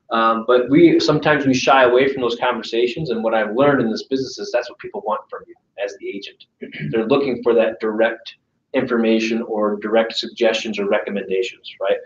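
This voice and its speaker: A medium-pitched man gives a casual sales training talk to a live audience in a meeting room, chatty and often asking "right?" while acting out client phone calls. The room recording is echoey, distant, and dull, with slight background noise.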